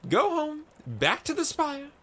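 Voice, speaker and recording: A man's voice: wildly swooping pitch, moderate pace, darkish tone. A man voicing a slouching male tavern regular who cries out in a raised voice. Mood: brash. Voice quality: high-pitched, crying out.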